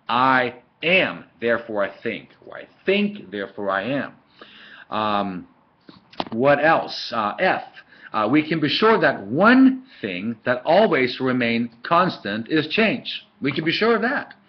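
A man teaching a philosophy lesson in a casual lecture style, full of fillers and storytelling asides, recorded on a webcam. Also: medium pitch. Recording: dull lo-fi webcam audio.

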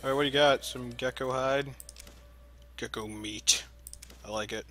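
A man's voice: medium pitch, normal speed, long pauses, faint music behind. Goofy young man commenting on gameplay. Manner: goofy, excitable, talks to himself. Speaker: let's play gamer.

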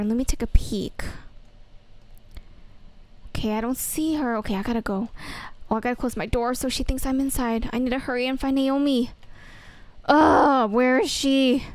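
A woman's voice: high-pitched, dry recording. A woman voicing a whiny, exasperated teenage schoolgirl. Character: upset teenage schoolgirl, story's main girl.

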